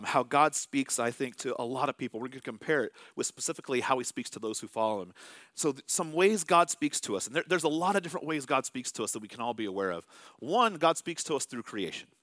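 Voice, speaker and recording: A man's voice: mid-range voice, lively intonation, fast, a bit bright, no echo. A man in his thirties preaching a sermon as pastor, in a conversational, self-amused way with small acted asides.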